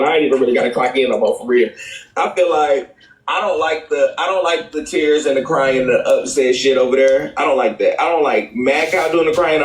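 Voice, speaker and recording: A man's voice: medium pitch, far from the mic. A man on a live-stream panel giving his blunt opinion, rambling and restarting, with laughs between points. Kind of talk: heated casual live-stream debate. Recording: echoey room, off-mic.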